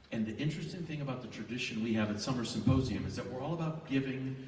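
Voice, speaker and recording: A man presenting to a large live student audience in an auditorium, energetic and animated as he directs the crowd. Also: on the low side, slight background noise. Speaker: event presenter. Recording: echoey hall, voice from far off.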